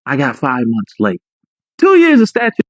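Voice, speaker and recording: A man's voice: medium pitch, huge pitch swings, normal speed, no echo. A man telling his own story emphatically, repeating his points and checking in with "right?". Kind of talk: emphatic personal account. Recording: dry, muffled lo-fi audio.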